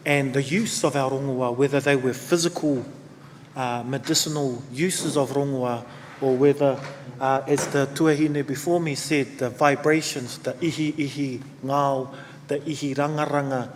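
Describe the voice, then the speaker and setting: A man's voice: mid-range voice, slight background noise. Man with a New Zealand accent, echoey hall. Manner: relaxed, rambling, many fillers. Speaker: conference speaker. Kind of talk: speech to an audience. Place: conference hall.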